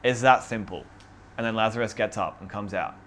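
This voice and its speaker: A man's voice: fairly low pitch, fairly quick, a little hiss or hum. Chatty man teaching scripture casually. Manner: relaxed and chatty, with many fillers. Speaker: youth group or Bible study leader.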